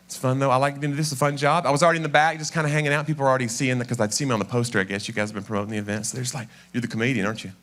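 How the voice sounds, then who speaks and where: A man with a Southern East Tennessee accent doing a chatty, self-deprecating stand-up set in a church, with quick asides. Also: medium pitch, steady tone, fairly bright tone. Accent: Southern American, East Tennessee. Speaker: stand-up comedian. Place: church sanctuary before a live audience.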